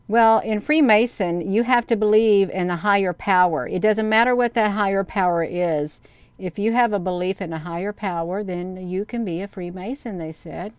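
A woman's voice: mid-range voice, clean tone, no room sound. A woman hosting a casual livestream, rambling and answering viewers' comments. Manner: folksy, rambling, says "you all" and "honey". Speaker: livestream host.

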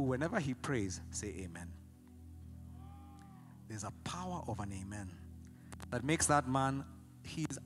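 Bright, lively Kenyan pastor. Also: male voice, on the high side. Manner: animated storytelling, swinging from loud excitement to quiet emphasis. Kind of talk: sermon.

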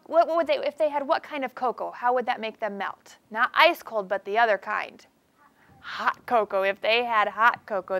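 A woman teacher in a classroom reading a storybook aloud to young children, with expressive sing-song delivery and questions to the class. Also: fairly high pitch, no echo. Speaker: preschool teacher.

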